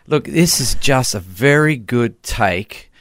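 Earnest man, animated voice. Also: mid-range voice, slow pace, dry recording, clean studio sound. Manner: earnest, heartfelt. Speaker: chaplain guest. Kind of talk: casual radio chat.

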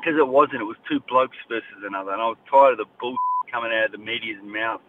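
A man's voice: mid-range voice, fast talker, very noisy. Blunt, fired-up Australian man, a boxer guest on a tinny phone line. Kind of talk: radio phone interview.

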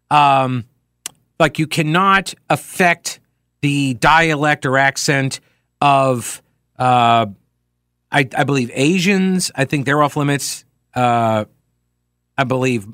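A man's voice: on the high side, no room sound, studio quality. Sarcastic man hosting talk radio. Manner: sarcastic, deadpan asides. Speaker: radio talk show host. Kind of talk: casual talk radio, reading listener emails.

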